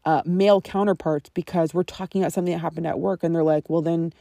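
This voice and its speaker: A woman's voice: on the low side, steady tone, fast, creaky, mellow, dry recording, studio quality. A woman in her thirties, a friendship coach hosting her own podcast, explaining in a conversational, instructive way and often checking in with her listeners. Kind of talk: solo podcast teaching monologue.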